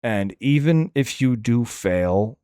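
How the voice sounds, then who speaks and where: This rapper and reaction channel host speaks in a mid-range voice that's warm and smooth, animated but slow. His casual, candid commentary wanders, restarts frequently and is full of swearing, recorded cleanly in a studio with no room sound.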